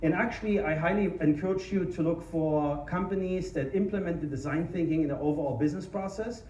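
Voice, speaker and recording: A man with a German accent giving an energetic, informal tech conference talk, joking about himself and restarting sentences often. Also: on the high side, fairly quick, far from the mic, a little hiss or hum. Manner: energetic, informal, self-deprecating, many restarts. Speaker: conference speaker. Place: conference hall. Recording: echoey hall, mic from afar.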